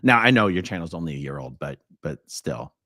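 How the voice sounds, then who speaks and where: A man hosting a casual livestream, reading out viewer comments in a relaxed way with small asides. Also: deep voice, fairly quick, no room sound, clean studio sound. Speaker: livestream host.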